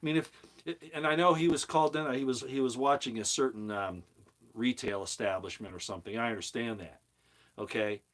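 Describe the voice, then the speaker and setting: Brisk and fairly bright in tone, this middle-aged man's mid-range voice drives a heated, preachy opinion piece on his own commentary channel. He leans hard on emphatic repetition.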